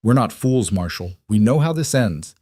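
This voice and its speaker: A man's voice: fairly low pitch, big pitch swings, moderate pace, warm tone, slightly rough, no echo. A man plays a determined settler pushing for action in a Western story. He talks with grim urgency. The recording is dry and close. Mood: urgent.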